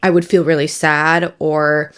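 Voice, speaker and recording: A young woman in her twenties talking candidly with her mother, emotional and reflective, halting with many fillers and close to tears. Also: low-pitched, flat delivery, a bit bright, clean tone. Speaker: daughter, guest. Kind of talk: candid podcast conversation.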